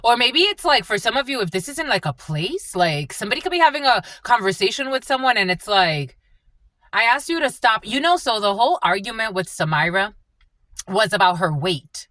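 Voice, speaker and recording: A woman doing a live spiritual channeling reading, at times gushing and laughing, at times dropping into low, prayerful thanks. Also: a little fast, no room sound. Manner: animated, laughs often, shifts between gushing and low prayerful tones.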